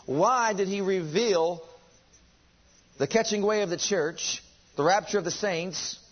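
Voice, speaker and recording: A man's voice: high-pitched, a little slow, muffled recording. A man preaching a sermon, driving his points home with rhetorical questions and emphatic repetition.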